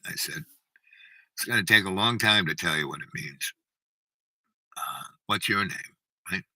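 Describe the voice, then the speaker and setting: Older male streamer, rambling storyteller, very bright tone, dry close sound. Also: deep voice, a little slow, pauses often, dry recording, rough recording. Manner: rambling, keeps asking "right?". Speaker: livestream host. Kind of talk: rambling storytelling to a live chat.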